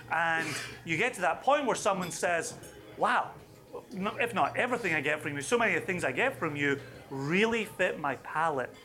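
A man leading a whisky tasting for a live audience, chatty and enthusiastic with quick asides. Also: high-pitched, fairly bright tone.

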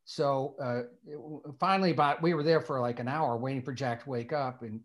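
A man's voice: mid-range voice, brisk. Older man telling a rambling story. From Indiana, USA. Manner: meandering, repeats words as he restarts. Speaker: screenwriter guest. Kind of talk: storytelling anecdote in an interview.

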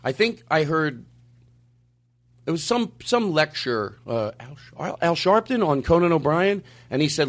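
An argumentative man with a lively voice that leaps up and down in pitch. He talks in a heated, emphatic way and sometimes pushes close to shouting. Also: measured pace. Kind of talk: heated conversational rant.

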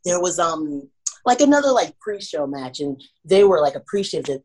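A young woman with a Washington D.C. accent, a pro wrestler talking casually in an interview, animated and laughing often as she acts out moments. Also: on the low side, moderate pace, husky.

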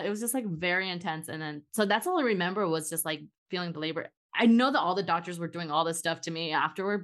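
A woman's voice: sits low, fairly bright tone. A woman telling a long story in casual chat, full of fillers and restarts. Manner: rambling storytelling with many fillers. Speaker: guest mom.

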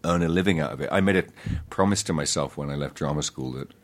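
A middle-aged man, an actor telling stories in an interview, halting and self-deprecating with many restarts. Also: very deep voice. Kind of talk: casual interview storytelling.

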